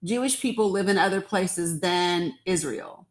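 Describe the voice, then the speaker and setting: A woman's voice: fairly low pitch, a little slow. A woman hosting a live stream debate, questioning a caller persistently and laughing off his accusations.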